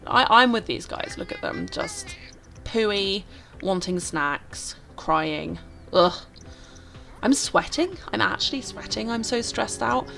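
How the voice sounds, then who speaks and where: A woman giving casual, expressive let's-play commentary, breaking into exasperated, dramatic outbursts. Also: medium pitch, takes it slowly, vocal fry, soft background music. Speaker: gameplay commentator.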